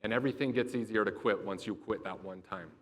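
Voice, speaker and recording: A man voicing a stern, blunt male football coach who speaks in a low, hushed and profane way. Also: fast talker, lightly acted.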